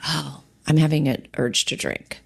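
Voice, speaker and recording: A woman podcast host and sobriety coach, talking gently and reassuringly in a conversational way, sometimes acting out inner thoughts. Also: low voice, normal speed, gravelly, husky.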